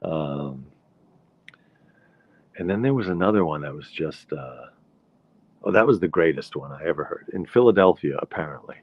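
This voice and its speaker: A Bronx-born podcast host talks in an expressive bass at a normal speed, pausing often as his playful solo monologue wanders through digressions. The recording is dull, lo-fi, and dry.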